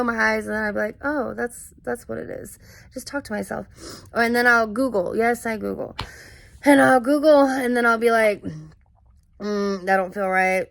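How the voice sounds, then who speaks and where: Slow, halting woman musing aloud. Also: on the high side, fairly bright tone. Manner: halting, full of fillers and restarts; earnest and searching. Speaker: vlogger. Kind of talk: casual personal monologue.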